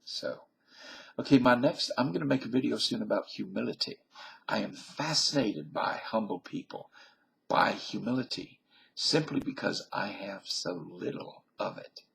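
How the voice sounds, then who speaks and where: A man's voice: lowish voice, expressive, moderate pace, vocal fry, fairly bright tone, slight background noise. A Canadian-born man with a Southern US accent, talking to the camera in a folksy, meandering, self-mocking ramble. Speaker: vlogger. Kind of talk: rambling casual monologue.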